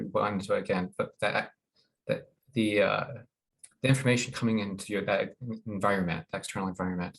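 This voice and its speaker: A man presenting a wellness webinar in an informal, halting way, with many fillers and restarts. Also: lowish voice, creaky, rough recording. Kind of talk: informal educational talk.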